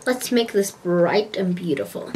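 A woman's voice: lowish voice, expressive, unhurried, darkish tone, a little hiss or hum. A young woman vlogging from inside a parked car, talking casually, gushing and rambling, into a handheld compact camera. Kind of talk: casual vlog chat.

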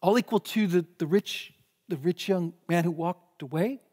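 A man delivers a sermon in a church sanctuary with a high, emphatic voice. He stresses his points and repeats words as he pushes an argument. The sound carries a long hall reverb. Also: unhurried, a little mellow. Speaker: pastor.

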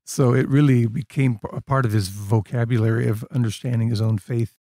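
A man's voice: mid-range voice, fairly even intonation, fairly quick, warm tone, no echo, studio quality. A man co-hosting a literature podcast, discussing books thoughtfully and telling stories. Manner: thoughtful, storytelling. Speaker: podcast co-host, scholar. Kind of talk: casual academic discussion.

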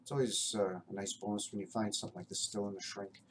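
A man's voice: lowish voice, fairly even intonation, fast talker, a bit bright, a little hiss or hum. A man who collects records, casually and enthusiastically showing off his finds in a rambling way. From Canada. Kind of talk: casual show-and-tell.

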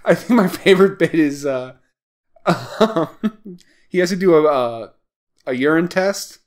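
A man's voice: on the high side, animated, unhurried. A man co-hosting a podcast, chatting casually about a film, rambling with many fillers and frequent laughter. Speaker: podcast co-host. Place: small town.

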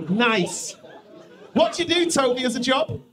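A man with a strikingly high voice works the crowd from a comedy club stage, teasing people and rambling, often breaking off his own sentences. He talks into a handheld mic, and the live recording carries a clear layer of room noise behind him. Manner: rambling, teasing, self-interrupting. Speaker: stand-up comedian. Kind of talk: crowd work with the audience.

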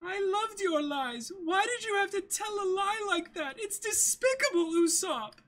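A man voicing a frail, gentle young woman, pleading and tearful in a breathy falsetto, in a dramatic comic reading. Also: expressive, unhurried, heavily acted. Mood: hurt, reproachful.

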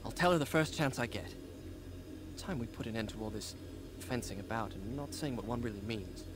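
An actor voicing an earnest young prince in a game cutscene, with a calm, sincere delivery. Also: male voice, medium pitch, brisk, very noisy, lightly acted. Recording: game audio with music. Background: game music.

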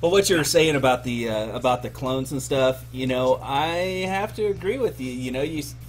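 A man's voice: mid-range voice, lively intonation, normal speed, soft background music. Teasing male chat host. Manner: teasing, joking, laughs at guest. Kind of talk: casual video chat.

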